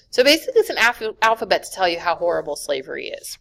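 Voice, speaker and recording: A woman teacher giving a recorded history lecture over slides, talking casually with many fillers and quick self-corrections. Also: fairly low pitch, big pitch swings, creaky, fairly bright tone. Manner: casual, many "um"s, corrects her own slips. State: yawning, sleepy.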